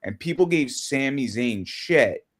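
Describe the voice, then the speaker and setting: A man co-hosts a casual wrestling chat in an excitable way, repeating words as he rushes through stories. His voice sits at a middle pitch. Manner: excitable, stammering restarts, laughs at own stories. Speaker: podcast co-host.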